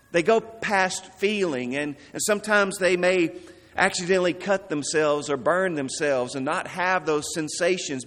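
Earnest preacher in a reverberant hall. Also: male voice, on the high side, fairly bright tone. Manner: earnest, emphatic, dramatic drops in volume. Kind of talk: sermon. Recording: long reverb of a large hall.

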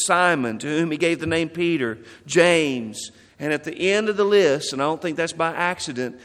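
Slow, deliberate preacher in a reverberant hall. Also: male voice, a little high. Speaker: pastor. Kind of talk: sermon.

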